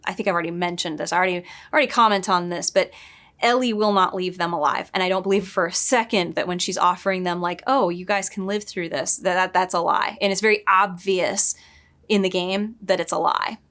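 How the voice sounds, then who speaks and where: A woman giving casual, opinionated commentary on a game she is watching, with quick asides and frequent laughs. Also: fairly low pitch, fairly even intonation, a bit bright. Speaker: book editor reviewing a game. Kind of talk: casual commentary over gameplay.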